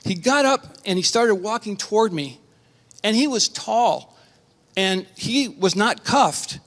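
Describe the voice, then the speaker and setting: A man's voice: high voice, lively intonation, takes it slowly, a bit bright. A middle-aged pastor tells a personal testimony to a conference audience in a slightly raised voice. His speech is earnest and emotional, stumbling over restarts. The long reverb of a large hall trails after each phrase.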